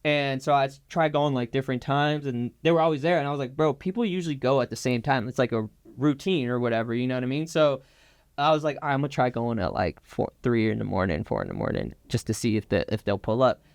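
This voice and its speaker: A man's voice: mid-range voice, lively intonation, fast. A young man in a casual interview, telling a story in a laid-back, slangy way with lots of fillers. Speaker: guest.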